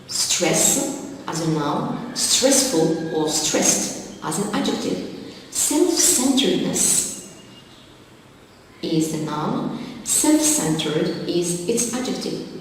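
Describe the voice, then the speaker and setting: A woman's voice: lowish voice, slight background noise. A woman teaching an English lesson, explaining vocabulary and word forms carefully, one term at a time. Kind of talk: slow deliberate classroom explanation. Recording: very echoey hall from far off.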